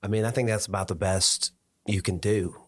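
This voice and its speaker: Man, podcast host, very deep voice, reflective, hesitant, filler words, casual interview. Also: steady tone, moderate pace, a bit bright, slightly rough.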